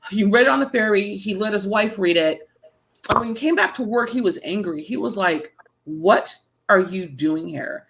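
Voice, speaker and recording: In an interview, a horror author in her thirties chats casually, her medium-pitched voice quick against a noisy background. She's a lively storyteller who performs the voices of anyone she quotes.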